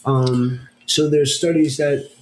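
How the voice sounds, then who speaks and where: A man talking on a podcast as a guest, explaining ideas haltingly with many fillers and restarts. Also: medium pitch, steady tone, rough recording. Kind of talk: casual podcast chat.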